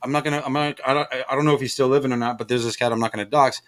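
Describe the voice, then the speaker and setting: A man's voice: mid-range voice, steady tone, rapid-fire. A middle-aged man from the Los Angeles area telling a long story in casual chat, rambling and profane, with lots of fillers. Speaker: stream host.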